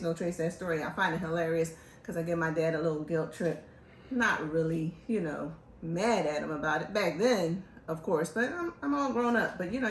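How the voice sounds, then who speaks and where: A woman's voice: lowish voice, slight background noise. Chatty woman hosting from an echoey room. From Philadelphia. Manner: animated, joking, chatty. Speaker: host. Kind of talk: casual chat.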